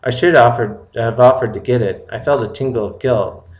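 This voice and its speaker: A man reading a first-person story aloud in a plain, steady way. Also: medium pitch, moderate pace. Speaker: story reader. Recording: roomy echo.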